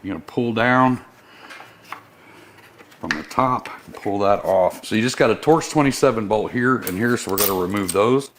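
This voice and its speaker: This is a how-to install demonstration: a man working as a service technician explains a motorcycle part install one step at a time in his workshop. He sounds casual and friendly, with a fairly low pitch and a moderate pace, and there's background noise.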